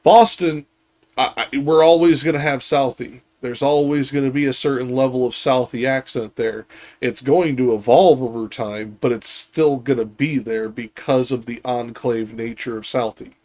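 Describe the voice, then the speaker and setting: A man's voice: medium pitch, fairly even intonation, moderate pace, a little mellow. A man hosting a casual discussion, talking bluntly with swearing and restarts.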